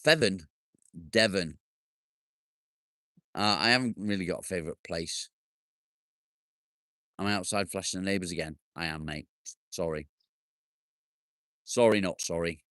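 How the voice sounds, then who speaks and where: A man's voice: deep voice, unhurried, long pauses, pushed and bright, clear, resonant tone, no echo, studio quality. A man hosting a casual live stream outdoors in his garden, bantering with viewers, joking, and swearing now and then. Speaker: livestream host.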